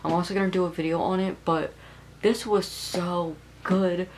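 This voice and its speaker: Young woman vlogging about books at home, kinda low voice, rambly and casual. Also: fairly even intonation, moderate pace, darkish tone, slight background noise, rough recording. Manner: chatty, rambling, with filler words. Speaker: book vlogger. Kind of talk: casual reading vlog.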